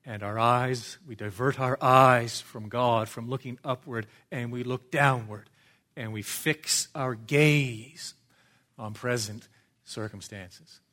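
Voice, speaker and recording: Middle-aged guy preaching in church, measured and earnest, goes loud then quiet. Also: steady tone. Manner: measured, earnest preaching with emphatic rises and soft low asides. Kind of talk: sermon.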